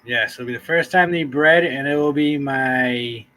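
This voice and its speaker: A man's voice: medium pitch, a little slow, pushed and bright, rough recording. A man hosting a casual livestream chat, laid-back and chuckling often as he greets viewers. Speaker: livestream host.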